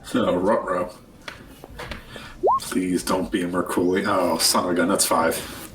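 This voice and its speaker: A man's voice: low voice, fairly even intonation, a little slow, far from the mic, rough recording. A man playing a tabletop game as a player, jokey and playful. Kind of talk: tabletop role-play.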